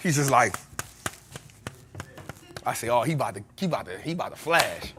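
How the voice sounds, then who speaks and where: A man's voice: mid-range voice, sing-song, very fast, background noise. A man, the host of a show, telling a story in a casual, slangy way and laughing often. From United States.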